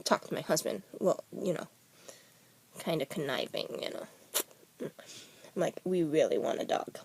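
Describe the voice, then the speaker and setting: A woman's voice: sits low, lively intonation, normal speed, creaky, darkish tone, slightly rough. A middle-aged woman vlogger telling a family story in a rambling, casual way, with many fillers and restarts.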